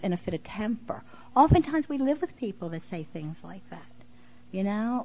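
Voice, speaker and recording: Middle-aged woman preacher, earnest and chatty, mid-pitched voice, easy conversational sermon. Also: poor audio. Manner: earnest, conversational preaching with many "you know" fillers. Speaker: preacher and preschool teacher.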